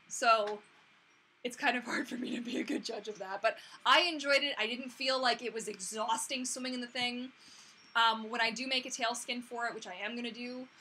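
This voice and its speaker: A young woman hosting a casual live-stream Q&A, chatty and bubbly, breaking into excited squeals. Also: on the high side, a little hiss or hum. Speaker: mermaid channel host.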